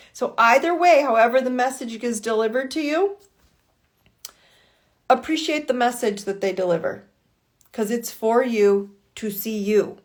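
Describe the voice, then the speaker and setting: A woman life coach giving a blunt motivational talk on a live call, swearing and firing off rhetorical why questions. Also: on the high side.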